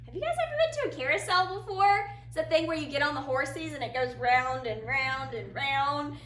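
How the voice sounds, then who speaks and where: A high, lively woman's voice that swoops through a phonics lesson for small children, slow and sing-song, with big warm praise after each answer. The tone is bright and clear. Her voice carries the roomy echo of a classroom, heard from a little way off the mic over a faint hiss. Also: recorded from a distance. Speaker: teacher.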